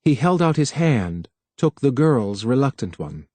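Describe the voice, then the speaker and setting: A man reading a novel aloud as an audiobook narrator, in a steady, measured way. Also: mid-range voice, no room sound. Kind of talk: scripted narration.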